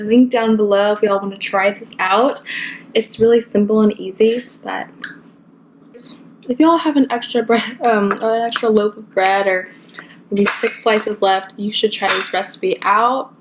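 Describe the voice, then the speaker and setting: A woman's voice: medium pitch, slight background noise, rough recording. A woman, talking casually and enthusiastically in a cooking vlog, rambling with lots of fillers. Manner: chatty, rambling, enthusiastic, with many likes and fillers. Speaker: cooking vlogger.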